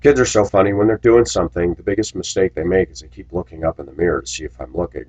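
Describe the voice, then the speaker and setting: A man's voice: deep voice, fast talker, a little mellow, lo-fi sound. A man who drives a school bus, telling stories and preaching in a rambling, aggrieved personal monologue. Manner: preachy, aggrieved, storytelling with asides.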